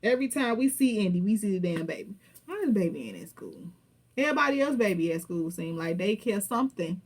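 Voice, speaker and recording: Animated woman recapping a reality show. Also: mid-range voice, fairly quick. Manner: animated, profane, acts out quotes with laughter. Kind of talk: casual recap commentary.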